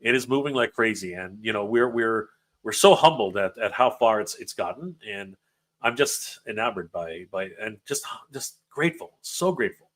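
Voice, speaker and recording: A man hosting a livestream, emotional and excited, often stumbling over his words while reading viewer comments. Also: on the low side, moderate pace. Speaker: livestream host.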